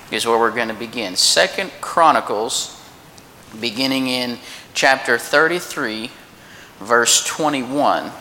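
Earnest man preacher, bright clear voice, conversational with restarts, long hall reverb, faint rumble. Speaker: preacher filling in at a church service. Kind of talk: informal sermon with a personal story. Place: church meeting room.

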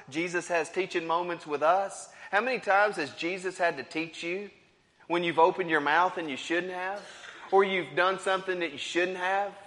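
Dramatic high-voiced male preacher. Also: in a large hall. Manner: dramatic, repeating "and, and", swinging between loud and hushed. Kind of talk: sermon.

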